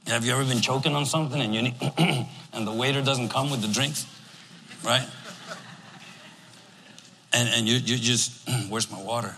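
A man preaching a sermon in a church, animated and emphatic, acting out what his listeners might say. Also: mid-range voice, normal speed, pauses often, slight background noise. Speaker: pastor. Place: church sanctuary. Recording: long reverb of a church hall.

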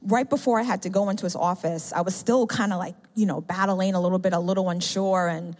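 A middle-aged woman delivers an animated testimony sermon at a natural mid pitch. She tells her story with energy, acts out what people said, and keeps checking in with the congregation. Her voice rings with a long reverb from the church hall. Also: fast talker. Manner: animated storytelling, acts out quoted speech, calls out "amen?". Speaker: speaker giving a testimony to a congregation.

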